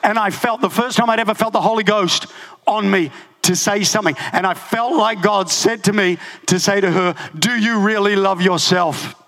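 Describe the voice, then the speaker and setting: Man, pastor, high pitch, gravelly, animated sermon storytelling. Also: normal speed. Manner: animated storytelling, laughing often.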